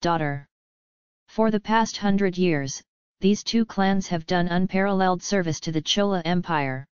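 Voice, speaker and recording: A woman's voice: lowish voice, a little slow, smooth, dry recording, natural voice. Woman reading as an ailing old emperor. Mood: weary. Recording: slightly dull lo-fi audio.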